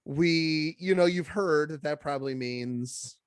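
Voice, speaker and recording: A man's voice: on the high side, measured pace, smooth, dry recording, studio quality. A man in his thirties co-hosting a podcast, telling a story in casual chat and jumping into quoted voices. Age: 30s. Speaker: podcast co-host.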